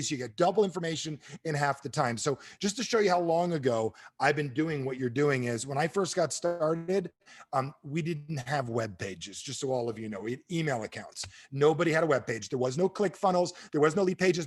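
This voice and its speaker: Fast-talking middle-aged man, slightly high voice. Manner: fast-talking, animated storyteller. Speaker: sales trainer and speaker. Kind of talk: motivational talk to an audience.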